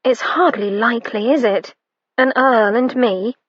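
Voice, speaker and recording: A woman's voice: a little high, lively intonation, unhurried, fairly bright tone, no room sound, dull audio. A woman voicing a sad, withdrawn young widow who answers tersely. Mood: subdued. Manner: subdued, terse.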